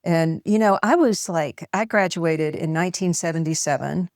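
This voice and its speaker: A woman's voice: on the low side, normal speed, darkish tone, no echo, clean studio sound. A woman in her sixties, an author being interviewed, talking candidly and laughing often. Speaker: author guest. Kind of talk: casual interview chat.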